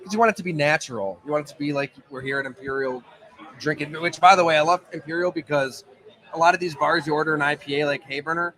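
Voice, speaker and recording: A man's voice: a little high, quick pace, bright, forceful tone, poor audio. Chatty man telling stories live. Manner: chatty, tells stories with asides. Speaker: sports journalist guest. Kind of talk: casual chat. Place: pizza bar.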